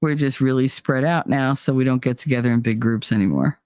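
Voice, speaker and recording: A woman's voice: very deep voice, fairly quick, darkish tone, no echo. A woman hosting a casual live stream who reads viewer chat and talks candidly and bluntly, with swearing and wry humor.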